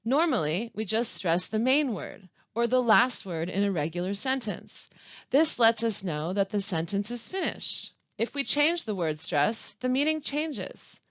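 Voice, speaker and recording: A woman giving a scripted language lesson, reading carefully with marked stress and deliberate pauses. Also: mid-range voice, sing-song, fairly bright tone, no echo. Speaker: language instructor. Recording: dull, slightly lo-fi dry recording.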